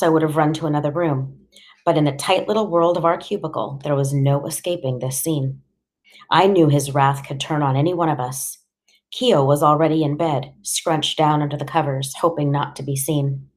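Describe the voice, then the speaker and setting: A woman reading an audiobook in a measured, steady narration. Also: low-pitched. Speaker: audiobook reader. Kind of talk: scripted narration.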